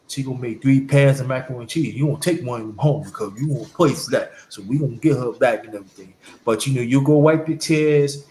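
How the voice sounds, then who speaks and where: A man's voice: mid-range voice, darkish tone. A man casually telling a rambling family story as a host, repeating himself and acting out his relatives' lines. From New York. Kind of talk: casual storytelling to a live audience. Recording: echoey room with faint background hiss.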